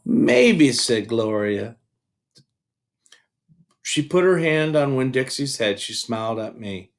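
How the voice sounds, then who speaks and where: A man reading a children's novel aloud as a teacher, animated with asides. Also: mid-range voice, slow pace.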